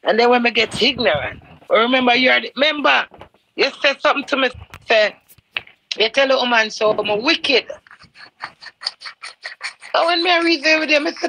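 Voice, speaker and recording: A Jamaican woman ranting heatedly on a live stream, swearing and swinging from low mutters to shouts. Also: animated, normal speed, long pauses, a little hiss or hum, rough recording.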